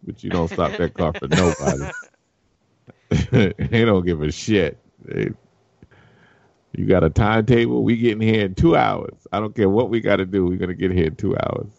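A man's voice: low voice, moderate pace, creaky, a little mellow, dry recording, lo-fi sound. A man talking casually and animatedly, laughing and swearing freely. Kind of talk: casual podcast chat.

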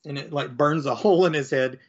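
A man chatting casually as he recaps a comic book, rambling with lots of fillers and slipping into quick character voices. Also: on the high side, highs cut off. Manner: rambling, filler-heavy, acts out quoted lines in different voices.

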